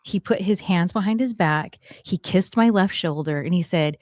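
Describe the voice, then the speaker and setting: A woman in her forties hosting a talk show, telling a story in a lively way and acting out what people said. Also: on the low side, moderate pace, no room sound, studio quality. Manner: animated, acts out quotes, swears it is true. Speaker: podcast host. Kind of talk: storytelling chat.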